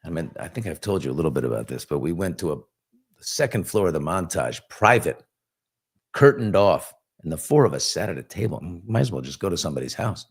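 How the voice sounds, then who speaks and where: Low-voiced chatty male show host. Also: lively intonation, fairly quick, creaky, husky. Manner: chatty and rambling, with many fillers and restarts. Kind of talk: casual live chat reading viewer comments.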